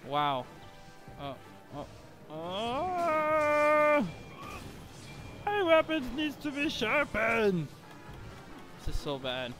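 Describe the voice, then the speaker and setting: A man giving excitable gameplay commentary while sick with a bad cough, breaking into frequent exclamations. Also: high voice, slow, long pauses, faint music behind. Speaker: gamer.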